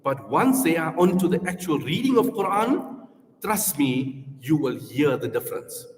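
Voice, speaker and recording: A man's voice: on the high side, very animated, moderate pace. A man with a South African accent presenting a school Quran programme to parents, talking earnestly through numbered points and modelling recitation aloud. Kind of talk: information session talk to parents. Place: school hall. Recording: echoey hall reverb.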